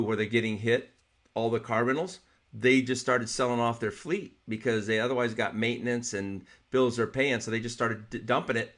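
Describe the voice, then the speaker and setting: Male co-host, chatty, exasperated, mid-pitched conversational read. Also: a bit bright. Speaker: martial arts podcast co-host. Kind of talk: casual chat.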